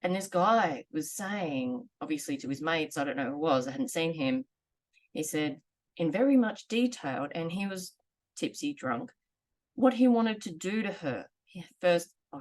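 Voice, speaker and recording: A woman in her forties telling a personal story in a candid, earnest, measured way. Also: deep voice. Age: 40s. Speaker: vlogger sharing lived experience.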